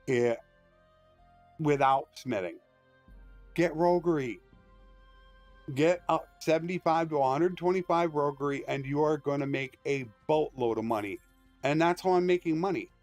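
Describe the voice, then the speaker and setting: A male streamer with a fairly high, slightly mellow voice talks at normal speed but pauses often as he plays a strategy game. His casual commentary wanders between tactical explanations and strongly opinionated rants. The close mic is dry with no room sound, and faint music plays underneath.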